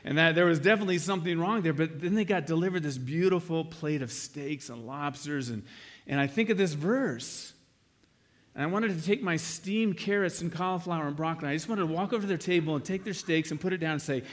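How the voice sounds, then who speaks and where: A man's voice: a little high, brisk. A middle-aged man preaching a conversational sermon as pastor, acting out little scenes with humor. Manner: conversational, acts out quoted exchanges with humor.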